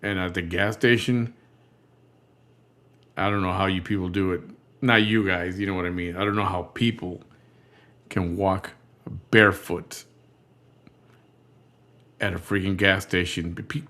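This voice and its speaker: A man's voice: deep voice, steady tone, measured pace, pauses often, a bit bright. A man hosting a reaction show, commenting over a video with rambling, disgusted asides.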